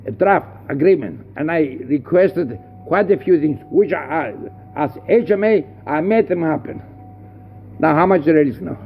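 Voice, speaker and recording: A man's voice: a little high, vocal fry, slight background noise. Scornful man ranting over a tinny line. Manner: angry, scornful, rhetorical questions. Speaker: head of a workers' association. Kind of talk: impassioned rant.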